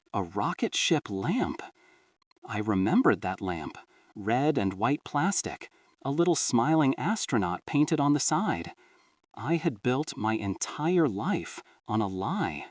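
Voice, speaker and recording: A man narrating a horror story in a dramatic, expressive way. His mid-pitched voice rises and falls with lively swings. The recording is dry, with the mic set a little back. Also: dry recording, distant mic.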